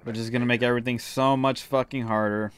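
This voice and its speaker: A man's voice: medium pitch, little pitch movement, a little fast. A man playing a ghost-hunting video game alone, grumbling and swearing to himself as he plays. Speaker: let's-play gamer. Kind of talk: solo gameplay commentary.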